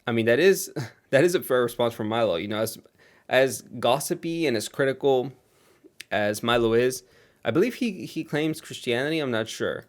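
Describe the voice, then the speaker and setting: A man's voice: mid-range voice, lively intonation, normal speed. A man doing casual commentary on online drama, sarcastic and gossipy, with chuckles.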